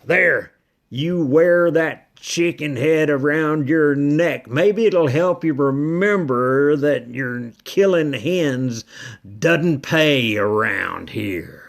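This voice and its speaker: A man voicing a stern, disapproving rancher in a storybook reading, low and scolding. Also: very slow, creaky, exaggerated voice.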